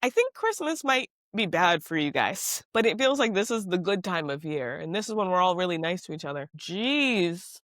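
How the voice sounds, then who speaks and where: Animated woman ranting on a podcast. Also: on the low side, moderate pace, few pauses, no room sound. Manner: animated, exasperated rants with emphatic outbursts. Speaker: podcast co-host. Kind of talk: casual chat.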